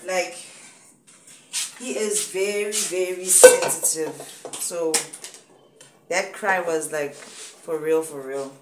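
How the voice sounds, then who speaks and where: Woman vlogger, low-ish voice, casual home chat, playful and mock-solemn, noisy kitchen recording. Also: slow, pauses often. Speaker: vlogger, mother. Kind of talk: casual family vlog chat.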